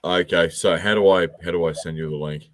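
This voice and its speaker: A man joining as a guest who speaks casually in a hesitant, halting way, often repeating words. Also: deep voice, steady tone, dry recording. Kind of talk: casual chat.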